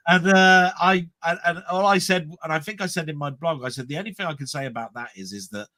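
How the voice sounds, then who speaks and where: Co-hosting a casual livestream chat, a man tells stories in a rambling, stop-start way, repeating words often. His voice is a little high, brisk, and bright, with a forceful tone.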